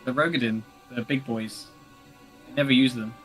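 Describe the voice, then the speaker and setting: A man's voice: mid-range voice, steady tone, normal speed, a bit bright, faint music behind. A man chatting casually during a game stream, making dry joking remarks. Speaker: co-player. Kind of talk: casual gaming chat.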